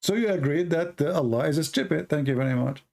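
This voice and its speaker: Man, gravelly voice, raised pitch, sarcastic, insistent debate host. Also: a little mellow. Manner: pressing, sarcastic, repeats questions slowly. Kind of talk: combative live call-in debate.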